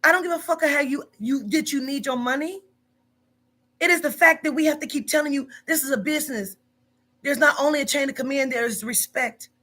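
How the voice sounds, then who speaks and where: Woman in her 40s, high pitch, bright edgy tone, blunt profane scolding. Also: fairly quick. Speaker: business owner. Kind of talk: heated phone argument.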